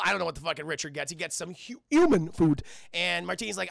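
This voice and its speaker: A man recapping a film for his stream chat in a casual, animated way, laughing and swearing often. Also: a little high, fast talker, creaky, no room sound, clean studio sound. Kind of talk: casual profane plot recap.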